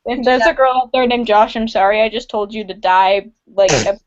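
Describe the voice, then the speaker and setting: A woman in a casual book club chat over a video call, tossing out playful deadpan quips and giggling. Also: mid-range voice, moderate pace, a little hiss or hum. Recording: muffled video-call audio.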